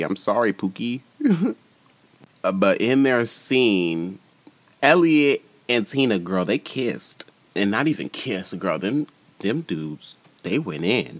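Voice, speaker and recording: A man hosting a casual reality-show recap, animated and profane, with sassy asides and frequent laughter. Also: lowish voice, no room sound.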